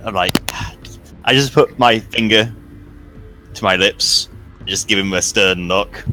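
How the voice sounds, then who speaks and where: A man's voice: lowish voice, measured pace, pushed and bright, soft background music, poor audio. A man playing in a tabletop game, describing his character's actions casually with lots of hedging. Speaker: player. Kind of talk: tabletop role-play.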